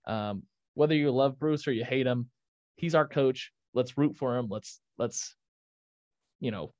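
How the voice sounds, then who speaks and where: A man's voice: mid-range voice, unhurried, a little mellow, no room sound. A young man co-hosting a casual sports podcast, ranting with energy and often restarting his sentences. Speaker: podcast co-host.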